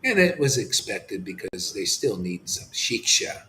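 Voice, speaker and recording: A man preaching an impassioned sermon as a spiritual teacher, swinging from shouts to hushed near-whispers and dropping casual slang. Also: lowish voice, big pitch swings, measured pace, few pauses. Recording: roomy echoey room.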